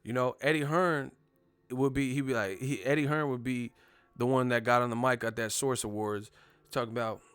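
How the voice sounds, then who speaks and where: A young man riffing on a boxing live stream, cursing freely and breaking into quick impressions of the people he mocks. His voice is bright and forceful. The sound is dry and close, with no room echo. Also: medium pitch, clear, resonant tone, soft background music. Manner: animated, profane, mimics others mid-rant. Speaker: boxing show host. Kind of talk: casual live-stream commentary.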